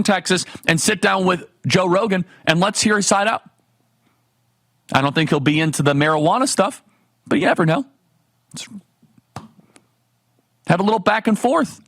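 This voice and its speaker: A man's voice: high-pitched, dry recording. Emphatic man hosting a political talk show. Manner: emphatic, rhetorical questions, animated. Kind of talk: fiery political commentary monologue.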